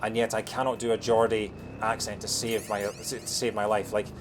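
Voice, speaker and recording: A man with a Scottish accent softened by years in England, chatting quickly while streaming a game, with lots of fillers and restarts. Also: on the low side, flat delivery, music in the background. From Scotland. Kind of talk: casual chat while playing a game.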